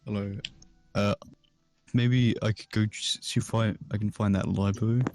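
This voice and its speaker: Tabletop player, polite relaxed man, lowish voice, dry. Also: normal speed, no room sound. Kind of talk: tabletop role-play.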